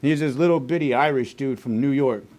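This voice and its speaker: A man from Texas telling his recovery story to a meeting in a blunt, profane, fast-moving way. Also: mid-range voice, darkish tone. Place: recovery group meeting room.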